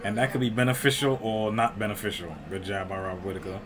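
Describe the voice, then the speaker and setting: A man giving excited live commentary on a fight he is watching, breaking into loud outbursts and swearing, alone at home. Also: fairly low pitch, quick pace, a crowd in the background. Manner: loud excited outbursts and profanity, often shouting and laughing. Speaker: fight reaction streamer. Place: home room with a cat.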